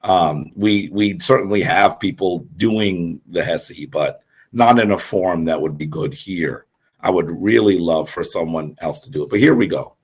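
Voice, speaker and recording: A man speaks in a fairly low voice, taking his time over every phrase in a live-streamed religious teaching. His throat is sore, and he lectures earnestly, often stopping on drawn-out ums. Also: breathy edge.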